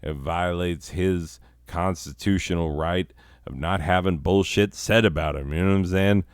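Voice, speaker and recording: A man's voice: low-pitched, moderate pace, smooth, dry recording, studio quality. A man hosting a comedy podcast, telling a rambling, profane story full of asides and self-corrections. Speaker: podcast host.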